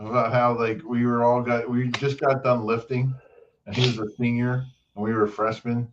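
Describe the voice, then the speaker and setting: A man's voice: mid-range voice, moderate pace. Joking man on a muffled mic. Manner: joking, bursts into excited shouts. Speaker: sports talk co-host. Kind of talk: casual sports chat. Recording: muffled audio with faint noise.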